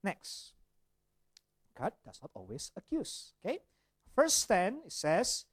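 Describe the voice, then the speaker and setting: A man preaches in an animated, searching way. He leans on rhetorical questions and often restarts his sentences. The recording is dry and close, with no room sound. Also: high-pitched, slow pace, husky, no echo. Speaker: pastor. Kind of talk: sermon.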